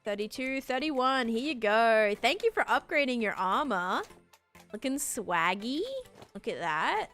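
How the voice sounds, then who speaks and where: A young woman from Sydney with a softened Australian accent, chatting casually and rambling while she streams a game and answers her chat. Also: fairly high pitch, animated, a little slow, soft background music.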